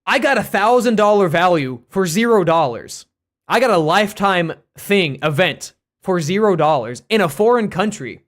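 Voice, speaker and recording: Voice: medium pitch, normal speed. American streamer telling a story, rambling. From United States. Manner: animated, rambling, with restarts and "like" fillers. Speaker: streamer and teacher. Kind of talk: casual storytelling on a live stream.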